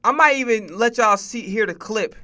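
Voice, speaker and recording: A man's voice: high voice, normal speed, bright, forceful tone. A man streaming casual sports reaction talk, profane and laughing, often stammering and repeating himself.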